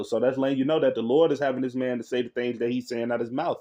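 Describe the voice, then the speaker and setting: A man's voice: mid-range voice, little pitch movement, quick pace, few pauses, warm tone, lo-fi sound. A man in casual commentary reacting to a news clip, laughing often, speaking in loose slangy talk and reading scripture aloud. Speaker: religious online commentator.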